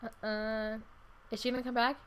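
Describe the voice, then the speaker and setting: A woman streamer giving casual let's-play commentary, chatty, reacting loudly and laughing often. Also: on the high side, little pitch movement, moderate pace, soft background music.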